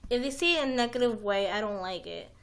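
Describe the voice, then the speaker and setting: Young woman streamer, fairly high voice, loose rambling delivery with lots of "like" and restarts. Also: expressive, fast talker, fairly bright tone. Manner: rambling, heavy use of "like", frequent restarts, swears. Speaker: livestream host. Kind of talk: casual rambling chat.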